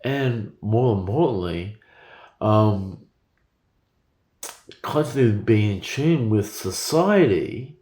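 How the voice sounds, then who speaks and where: 40-something guy rambling slow and swearing, mellow voice, echoey room. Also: on the low side, expressive. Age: 40s. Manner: rambling, profane, stammering repetitions. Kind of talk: rambling monologue.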